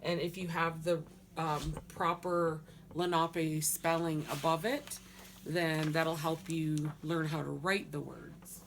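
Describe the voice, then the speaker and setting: Slow, patient woman teaching pronunciation. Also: low-pitched, steady tone, slight background noise. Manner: sounds words out syllable by syllable, patient. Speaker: language teacher.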